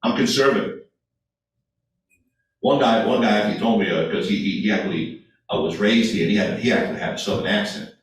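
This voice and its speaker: A man giving a speech at a meeting, talking in an animated way and acting out people's replies. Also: lowish voice, a little fast, pauses often. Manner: animated, acts out voters' replies. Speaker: guest speaker. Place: meeting hall. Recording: echoey room, voice from far off.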